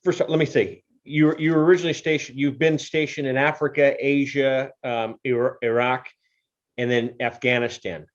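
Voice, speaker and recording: A man hosting an interview, asking questions haltingly and repeating words as he goes. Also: mid-range voice, fairly even intonation, lo-fi sound. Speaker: interview host. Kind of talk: conversational interview.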